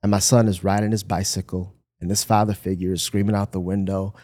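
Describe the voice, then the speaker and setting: On a podcast, a Michigan pastor with a low voice shares a personal story briskly and with animation, imitating the voices of those he quotes.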